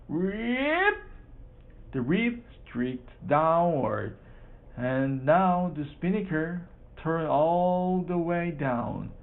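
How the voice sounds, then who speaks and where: Slow halting male reader, gravelly voice. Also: fairly high pitch. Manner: halting, repeats and corrects words. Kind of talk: practice reading aloud of a children's book. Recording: tinny phone-like sound.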